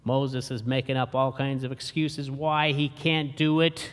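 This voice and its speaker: A man preaching a sermon as pastor, slow and emphatic, with dramatic pauses. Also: mid-range voice, flat delivery, big-room sound.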